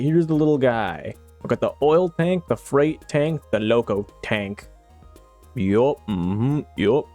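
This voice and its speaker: A man from Canada talks through his game footage in a casual, playful way. His voice is mellow and dark, but his pitch leaps around a lot as he gets excited. Faint music plays behind him. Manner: playful, excitable, often laughing and shifting pitch. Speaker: game YouTuber. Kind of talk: casual gameplay commentary.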